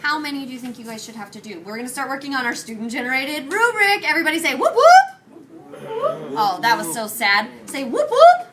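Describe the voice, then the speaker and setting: Woman Spanish teacher, slightly high-pitched, energetic with students; recorded from afar in a noisy classroom. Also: fast, few pauses. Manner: energetic, questioning students, mixing English and Spanish. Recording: distant mic, noisy classroom.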